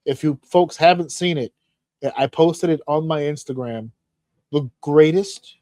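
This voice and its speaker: This man hosts a podcast, chatting casually and spinning profane, lively stories complete with acted-out shouting. The recording is dry, and his voice sits a little high.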